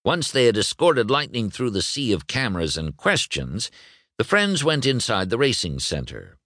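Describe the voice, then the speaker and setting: A man reading a children's novel aloud, expressive and voicing every character. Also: medium pitch, moderate pace, no room sound, clean studio sound. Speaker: audiobook narrator. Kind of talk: scripted storybook narration.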